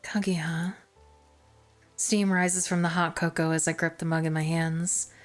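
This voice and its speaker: A woman streamer reading a visual novel aloud, narrating in first person with expressive, self-mocking asides. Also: low-pitched, unhurried, soft background music.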